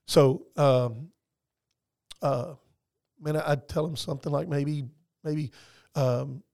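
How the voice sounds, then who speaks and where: A man speaks in a slightly higher register than most men. He talks from the heart in loose, rambling sentences, circling back and restarting as he goes. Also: steady tone, slow pace, vocal fry, darkish tone. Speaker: guest. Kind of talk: earnest casual conversation.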